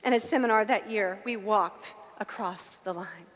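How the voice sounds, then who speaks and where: A woman in her thirties giving a motivational speech on stage, emphatic and switching between shouts and hushed, intimate passages. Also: mid-range voice, moderate pace. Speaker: sales director giving a keynote speech. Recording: reverberant hall.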